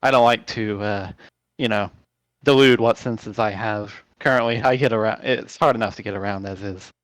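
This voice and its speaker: A man's voice: lowish voice, steady tone, moderate pace, no echo, poor audio. A man playing in a tabletop game, describing his character's actions hesitantly, step by step. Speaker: player.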